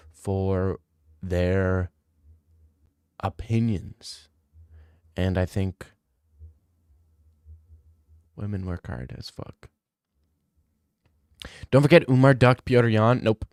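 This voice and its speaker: A man's voice: low-pitched, a little mellow, clean tone, dry recording, clean studio sound. A young man streaming and reading out viewer messages in casual chat, laid-back and blunt, swearing freely.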